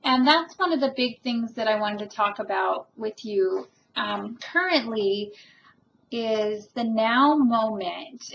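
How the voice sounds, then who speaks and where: A woman's voice: fairly high pitch, slight background noise. A woman vlogging about her spiritual journey in an earnest, rambling way, full of ums and restarts, openly emotional. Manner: emotional, self-described. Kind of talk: reflective personal monologue. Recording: dull lo-fi home recording.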